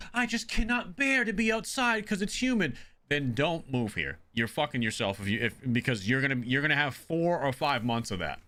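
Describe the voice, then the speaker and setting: A man's voice: mid-range voice, sharp tone. A man originally from the Northeastern US chatting casually while streaming a game, blunt and profane and prone to rambling.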